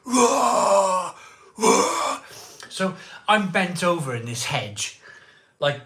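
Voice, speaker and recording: A man's voice: a little high, very animated, takes it slowly, sharp tone. A man hosting a live beer stream, telling a rambling story in a chatty way, repeating himself and acting out what people said.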